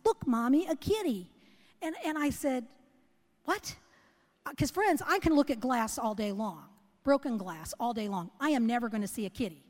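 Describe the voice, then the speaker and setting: A woman's voice: fairly high pitch, a little mellow. A middle-aged woman preaching a sermon, earnest and conversational, often asking the congregation questions. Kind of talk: sermon with personal story. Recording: long hall reverb.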